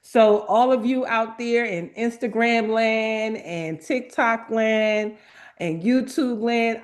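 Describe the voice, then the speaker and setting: A woman's voice: medium pitch, darkish tone. A woman hosting a live stream in a casual way. She reads affirmations aloud and repeats phrases for emphasis.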